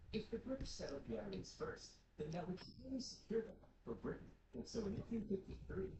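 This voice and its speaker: A man's voice: high-pitched, creaky. A man narrating comic history in a wry, mock-dramatic way. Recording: echoey, distant, very noisy.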